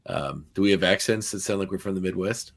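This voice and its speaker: This Nova Scotian podcast host from Canada has a low, creaky voice and speaks fairly quickly. His casual chat rambles, with lots of fillers and restarts.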